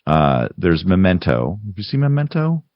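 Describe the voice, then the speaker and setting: This low-voiced man co-hosts a podcast, talking loosely about movies, rambling and often starting his sentences over. His pitch swoops wildly and his pace is moderate. The recording is dry, with no echo, and has a dull lo-fi quality.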